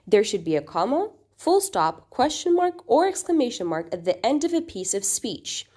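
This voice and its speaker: With a fairly high, sing-song voice that's mellow and moderately paced, a woman delivers a recorded grammar lesson. She explains things patiently, checks in with the class frequently, and acts out quoted sentences in a raised voice.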